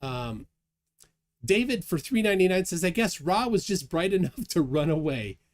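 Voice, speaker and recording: A high-pitched man hosts a casual livestream at a moderate pace, chatting away. He's lively, chuckling as he reads viewer comments aloud.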